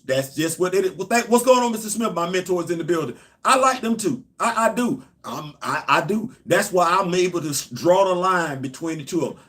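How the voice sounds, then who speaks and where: A man's voice: high-pitched, expressive, brisk, hardly any pauses, a bit bright. A man hosting a casual livestream, talking straight to viewers and hammering his points with repetition. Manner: emphatic, repeats points, addresses viewers directly. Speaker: host.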